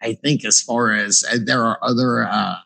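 A man's voice: medium pitch, fairly even intonation, moderate pace, vocal fry, bright, forceful tone, no echo, rough recording. A man co-hosting a casual chat, joking and bantering.

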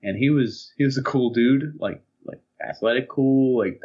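A man's voice: medium pitch, moderate pace. A young man co-hosting a podcast in casual chat, acting out stories with quoted voices. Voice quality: husky, animated storyteller who acts out quotes in voices. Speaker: podcast co-host. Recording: dull lo-fi sound.

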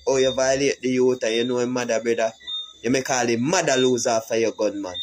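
A man's voice: mid-range voice, a little hiss or hum, poor audio. A man with a Jamaican accent delivering a heated, repetitive social media rant that calls out a fellow artist.

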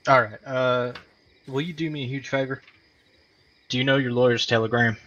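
A man playing a patient frontier lawman in a western role-play game, calmly and methodically taking a witness statement. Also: medium pitch, moderate pace, dull audio, close to an everyday voice. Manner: calm, methodical questioning.

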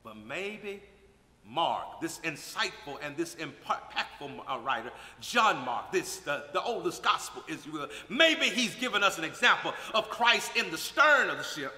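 A man preaching a sermon, swinging between hushed lines and shouted emphasis. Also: on the high side, big pitch swings, unhurried. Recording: echoey hall with long reverb.

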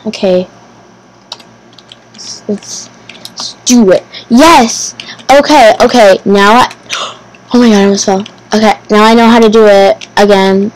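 A woman giving casual gameplay commentary as host of her channel, talking to herself nervously, repeating phrases and bursting into excited exclamations. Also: mid-range voice, measured pace, long pauses, slight background noise, poor audio. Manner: nervous, anxious self-talk, repeating phrases.

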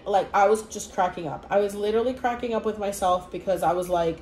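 A young woman telling a story in a casual vlog, rambling and animated with lots of fillers. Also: mid-range voice, fairly quick, few pauses. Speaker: vlogger. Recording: echoey room with faint ambience.

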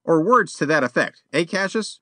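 A man voicing a mild, polite gentleman in an audiobook, courteous and measured. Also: on the high side, lively intonation, no echo, studio quality, pitched above the performer's own voice. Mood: kindly. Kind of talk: audiobook character voice.

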